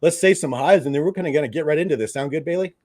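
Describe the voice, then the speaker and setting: A man hosting a live stream, loud and joking, laughing often. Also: a little high, racing. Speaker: livestream host. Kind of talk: casual live stream chat.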